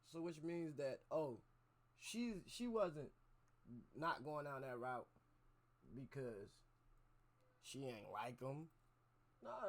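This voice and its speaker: Male reaction streamer, skeptical street-slang commentary aimed at chat, mid-high voice.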